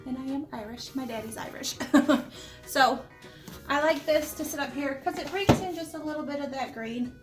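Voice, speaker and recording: High-voiced chatty woman decorating her home. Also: normal speed, loud music behind the voice. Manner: chatty and homey, with lots of small asides. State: under the weather, with the odd cough. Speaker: home decor channel host. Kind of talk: casual chatty decorating vlog. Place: living room at home, indoors. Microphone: camera set up nearby, moved around while she talks.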